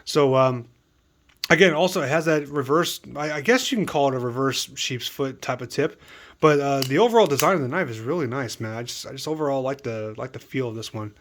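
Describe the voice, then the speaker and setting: A man's voice: mid-range voice, a little fast, fairly bright tone. A man casually showing off his knife collection, talking in a rambling, chatty way with lots of restarts and asides. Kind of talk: casual show-and-tell review.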